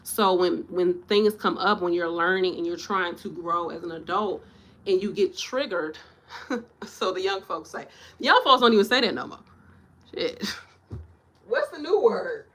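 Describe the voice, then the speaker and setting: Blunt, animated woman vlogging to camera. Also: a little slow. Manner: blunt, animated, swears and laughs, acts out patients in higher voices. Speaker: nurse vlogger. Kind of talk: casual, rambling to-camera talk. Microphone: camera mic.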